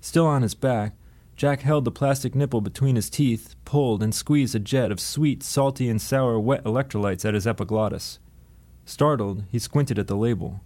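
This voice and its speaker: Male audiobook narrator, steady, dry delivery, middle pitch. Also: normal speed.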